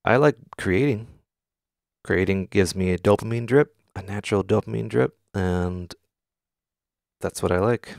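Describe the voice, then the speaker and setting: A man's voice: low voice, gravelly, darkish tone, no room sound. A man hosting a casual live stream from his studio, talking candidly, swearing often and answering questions from chat. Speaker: music producer streamer. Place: home studio.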